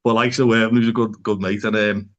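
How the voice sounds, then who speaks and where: A man's voice: fairly low pitch, little pitch movement, fast, lo-fi sound. A man with a Liverpool accent, a psychotherapist talking as a podcast guest, rambling and filling his speech with "like" and the odd swear word. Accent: Liverpool (Scouse). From Liverpool, England. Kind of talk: casual podcast conversation.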